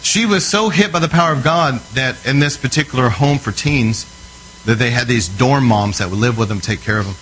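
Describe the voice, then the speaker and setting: A man's voice: medium pitch, fairly quick, fairly bright tone, slight background noise, rough recording. Earnest preacher man telling stories. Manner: conversational, checks in with the listener often. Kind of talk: storytelling sermon.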